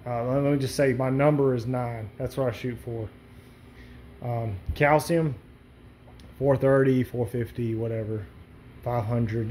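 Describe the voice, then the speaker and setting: A man's voice: medium pitch, slight background noise. Rambling laid-back man with hiccups. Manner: rambling, relaxed, lots of fillers. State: has the hiccups. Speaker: reef aquarium vlogger. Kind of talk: casual explainer vlog.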